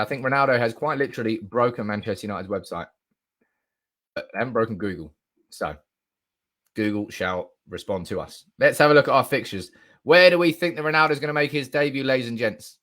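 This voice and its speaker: Live streaming indoors at a desk mic, a young football fan chats excitedly in a mid-range voice. He reads comments out loud and swears, breaking into bursts of shouting.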